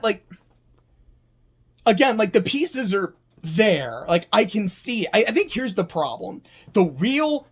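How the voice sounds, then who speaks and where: Animated, profane anime reviewer. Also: medium pitch. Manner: animated, swearing, stammering restarts, laughing asides. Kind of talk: casual chat.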